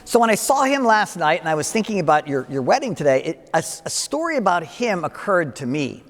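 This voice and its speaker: An older priest gives a wedding homily, his voice fairly high and rising and falling with lively expression. He tells a story full of asides and gentle humor, and his words ring on in a long church reverb. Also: fairly quick.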